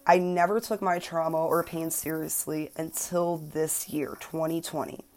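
A woman's voice: sits low, steady tone, measured pace, darkish tone, soft background music. A woman in her twenties hosting a personal self-help podcast, talking earnestly and emphatically and swearing freely. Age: 20s. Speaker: podcast host.

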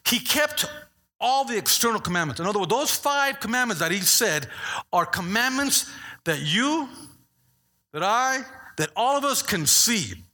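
A male pastor preaches with a lively, swooping delivery, his voice sitting high and bright. There is a husky grain to his tone as he jokes with the congregation and then presses his point. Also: measured pace. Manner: animated preaching, playful asides to the congregation. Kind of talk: sermon.

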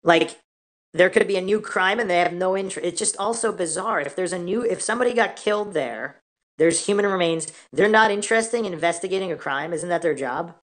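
A woman's voice: lowish voice, a little fast. A woman hosting a casual true-crime podcast, reading out reports and questioning them skeptically. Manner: questioning, skeptical, reads out articles and posts. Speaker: podcast host.

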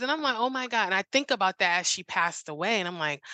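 A woman's voice: mid-range voice, expressive, fast, hardly any pauses, bright, forceful tone, no echo. A woman guest on a talk show, telling her story in an eager, rambling way full of "like"s and restarts. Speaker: interview guest. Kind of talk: casual interview chat.

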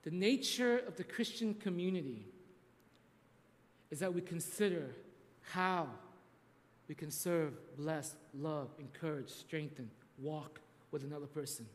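A man's voice: on the high side, a little slow, in a large hall. A man preaching a sermon, telling a story in a conversational way with frequent restarts and tag questions. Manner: conversational, repeats "right?", restarts often. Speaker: pastor.

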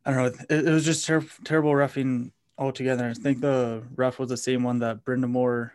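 A man's voice: mid-range voice, little pitch movement, fairly quick, a little mellow, clear, resonant tone. A man in casual sports talk who speaks in a level, unvaried tone. He lays out his points plainly and conversationally.

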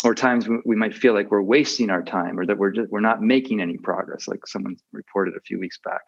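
A man's voice: lowish voice, fairly even intonation, brisk, vocal fry, slightly rough. A man giving a reflective dharma talk as a meditation teacher. He often hesitates with fillers and restarts his sentences. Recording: dull muffled audio.

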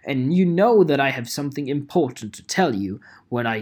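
A man's voice: medium pitch, animated, normal speed, darkish tone, slightly rough. Profane, rambling male podcast host. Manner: profane, rambling, self-deprecating. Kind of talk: casual podcast monologue.

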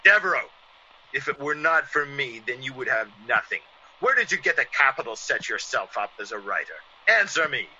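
An actor playing a vengeful, menacing ex-convict who sneers and gloats, in 1940s radio acting on a dull old radio recording. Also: male voice, medium pitch, big pitch swings, a little fast, pushed and bright, husky, exaggerated voice. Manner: sneering, theatrical villain with gloating laughs.

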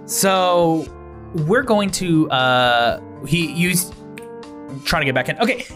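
A man's voice: a little high, takes it slowly, a bit bright, soft background music. A man narrating a tabletop game as game master, rambling with fillers and restarts.

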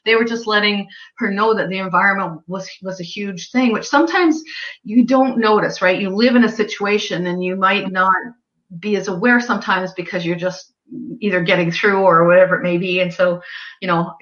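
A woman guest recounts stories from her work with animals, acting out her clients' words with lively jumps in her voice. Her audio comes through a little dull and lo-fi. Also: moderate pace. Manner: animated storyteller, acts out quoted clients and pets with pitch jumps. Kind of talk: storytelling in casual chat.

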